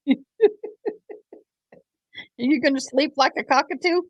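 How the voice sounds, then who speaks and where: A woman's voice: sits high, slow, pauses often, no echo, dull audio. A woman hosting a casual live commentary stream, chatty and teasing as she talks to her viewers. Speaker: livestream host.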